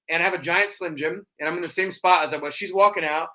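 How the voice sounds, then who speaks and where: A man as a guest in a casual chat, telling stories in an animated way. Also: fairly high pitch. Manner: animated storyteller, quick restarts and fillers.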